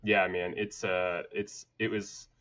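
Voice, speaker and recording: Low-voiced man from Atlanta, podcast guest, relaxed storyteller, slightly muffled audio. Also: slow pace. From United States (grew up in Atlanta). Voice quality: relaxed, laughs often while telling stories. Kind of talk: casual conversational storytelling.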